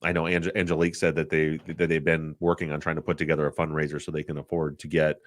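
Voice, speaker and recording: Deep-voiced man hosting a podcast. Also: completely flat delivery, no echo. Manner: halting, repeats words, gets choked up. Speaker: podcast host. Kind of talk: casual podcast discussion.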